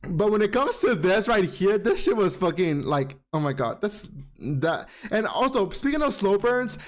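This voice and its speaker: Man, high lively voice, gushing and swearing through a casual recap. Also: normal speed. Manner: gushing, profane and chatty; calls listener "girl" often. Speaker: anime recap vlogger.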